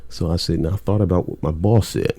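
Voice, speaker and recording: A middle-aged cable technician tells work stories in casual conversation, blunt and laid-back, swearing plenty along the way. He speaks fast in a deep, warm, creaky voice.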